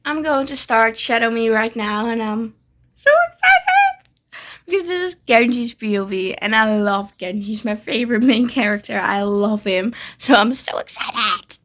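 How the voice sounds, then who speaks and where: A woman's voice: a little high, steady tone, moderate pace, hardly any pauses, fairly bright tone. A young woman chatting casually in her reading vlog, gushing and giggly about the books she's read. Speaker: book vlogger.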